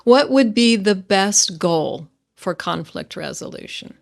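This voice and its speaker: A woman podcast co-host, chatting reflectively and offering gentle affirming responses. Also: medium pitch, animated, slow pace, vocal fry. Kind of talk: reflective conversational chat.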